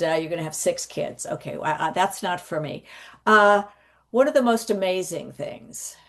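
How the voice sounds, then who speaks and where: Animated woman telling stories as a guest. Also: fairly low pitch. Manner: animated, rambling, with restarts. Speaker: psychic medium guest. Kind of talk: conversational storytelling.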